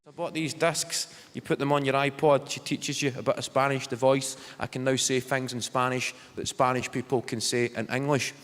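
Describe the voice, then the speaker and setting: A man's voice: medium pitch, level tone, normal speed, hardly any pauses, noisy background. A Scottish man performing stand-up, telling wry, self-mocking stories. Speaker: stand-up comedian. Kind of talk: stand-up routine. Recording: live hall with loud crowd.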